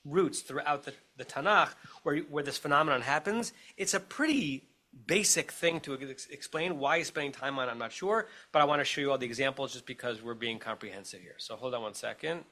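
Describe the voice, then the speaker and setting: A man's voice: mid-range voice, a little fast, pushed and bright. A man with an American accent, a rabbi teaching a text study class over a video call, explaining step by step and checking in with his listeners as he goes.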